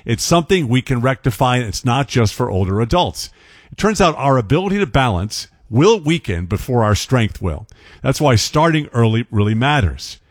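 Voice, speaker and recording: A man's voice: mid-range voice, normal speed, dry recording, clean studio sound. Man reading a radio health segment. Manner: steady, informative delivery. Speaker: radio host.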